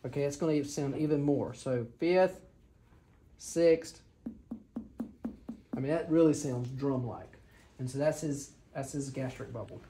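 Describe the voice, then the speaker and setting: A woman's voice: a bass voice, a little slow, pauses often, dark tone, slight background noise. A woman, teaching a physical exam to a class and checking in with her students as she demonstrates. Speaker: clinical instructor.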